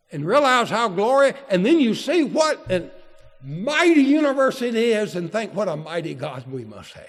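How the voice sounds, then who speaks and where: Man, sermon, folksy, unhurried, high voice. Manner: folksy, asks the congregation questions. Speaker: preacher. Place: church hall. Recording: long hall reverb.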